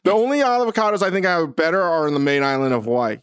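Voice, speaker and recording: A man's voice: a little high, very animated, racing, clean tone, no room sound, clean studio sound. A young man from Northern Virginia co-hosting a podcast, brash and teasing, cursing freely. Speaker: podcast co-host. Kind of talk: casual chat.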